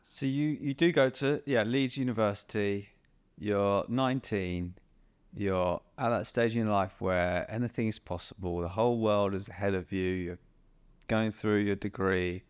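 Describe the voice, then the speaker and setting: Male interview host with a low voice, gentle and prompting. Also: fairly even intonation, moderate pace, clear, resonant tone, no echo. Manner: gentle, prompting, brief affirmations. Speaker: podcast host. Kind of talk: interview questions.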